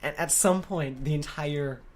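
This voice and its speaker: A man's voice: on the high side, unhurried, slight background noise. A young man co-hosting a casual podcast, rambling through a funny story and laughing often. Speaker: podcast co-host.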